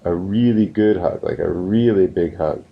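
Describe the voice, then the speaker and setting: A man's voice: low-pitched, moderate pace, gravelly. A man quoting his four-year-old son in a slightly raised voice as he tells a story in a lesson. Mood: pleading. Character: eager pleading little boy of four. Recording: slightly muffled, dull recording.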